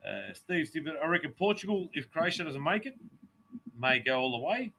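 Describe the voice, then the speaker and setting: A man's voice: on the high side, very animated, normal speed, vocal fry, noisy background. A man hosting a podcast, swearing and joking as he reads out chat messages. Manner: sweary, joking, mock-tough. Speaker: podcast host. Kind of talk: casual banter, reading chat messages.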